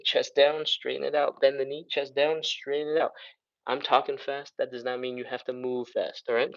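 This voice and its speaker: On a muffled recording, a medium-pitched man leads a live stretching workout as the instructor. He gives upbeat cues and counts down, breathing audibly as he stretches along.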